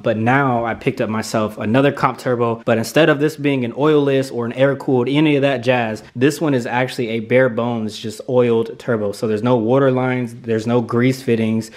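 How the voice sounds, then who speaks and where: A man vlogging his car build in a garage, talking casually in an excited, slangy and rambling way. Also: mid-range voice. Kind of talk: casual vlog talk.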